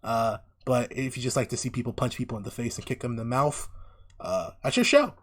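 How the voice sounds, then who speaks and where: A man co-hosting a casual podcast, recapping an anime with animated storytelling and acted-out lines. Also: medium pitch, fairly quick. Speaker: podcast co-host.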